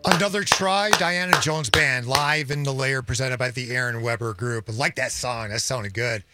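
A man hosting a live radio show from a studio, upbeat and quick with quips. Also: mid-range voice, bright, forceful tone, faint music behind. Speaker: radio host. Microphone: studio microphone.

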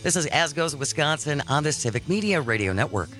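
A man hosting a political talk radio show in a studio, reading listener texts with brisk sarcasm. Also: fairly high pitch, expressive, a bit bright, soft background music. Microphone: studio microphone.

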